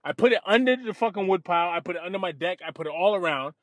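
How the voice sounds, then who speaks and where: A man telling a story in casual chat, profane and animated. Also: high voice, rapid-fire, dry recording.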